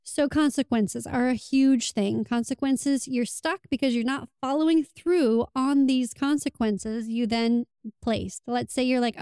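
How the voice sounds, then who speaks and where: A woman's voice: on the high side, measured pace, warm tone, clean tone, dry recording, clean studio sound. A woman giving earnest relationship advice in a casual monologue, acting out quoted lines as she goes.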